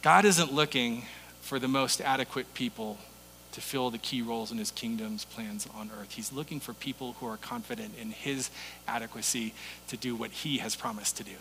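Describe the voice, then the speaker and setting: A man's voice: mid-range voice, moderate pace, pushed and bright, in a large hall, slight background noise. A male pastor giving a sermon in a conversational, storytelling way.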